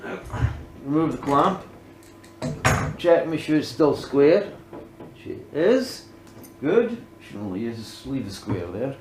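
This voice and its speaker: A man's voice: medium pitch, expressive, unhurried, reverberant, background noise. Chatty man muttering through workshop jobs. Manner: chatty, talks himself through each step, often muttering under his breath. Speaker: DIY woodworking vlogger. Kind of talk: casual workshop demonstration.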